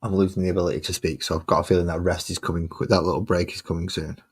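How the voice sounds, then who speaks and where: Guy, low and husky, chatting casually to his stream while painting, with dry sarcastic mutters. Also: level tone, rapid-fire. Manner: mutters sarcastic asides to himself.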